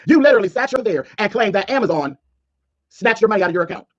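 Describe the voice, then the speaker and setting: A man's voice: high voice, expressive, fast, muffled recording. A man delivering a sassy, scolding call-out rant as a streamer, mocking his target. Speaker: commentary streamer.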